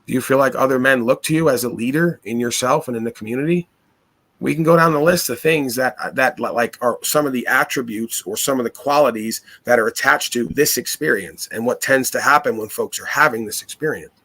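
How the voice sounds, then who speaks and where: A man's voice: medium pitch, fairly quick, bright, forceful tone. A man holds forth in casual conversation, sure of himself. He lectures, stacks up rhetorical questions and speaks with authority. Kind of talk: casual philosophical talk.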